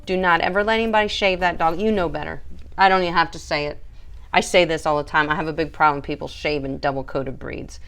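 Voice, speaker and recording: A woman's voice: sits low, fairly even intonation, quick pace, a bit bright. A woman, a pet groomer, hosting a casual live stream, chatty and emphatic as she answers viewers by name.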